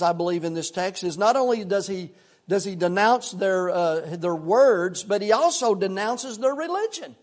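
An older male pastor with a high voice delivers a sermon in an impassioned, repetitive cadence. At times he drops into quiet, folksy storytelling.

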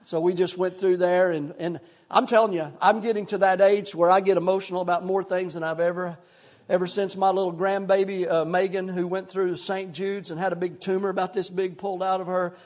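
An older male pastor preaching a sermon in a repetitive, impassioned cadence that drops into hushed, folksy storytelling. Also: high voice, flat delivery, fairly quick.

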